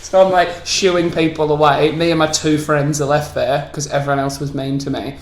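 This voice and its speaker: A man with an Australian accent chats and tells stories with a slightly high voice, breaking into laughter often. His tone is teasing and playful. The recording has a roomy echo. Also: level tone, moderate pace, noisy background. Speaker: podcast host. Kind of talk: casual comedic chat.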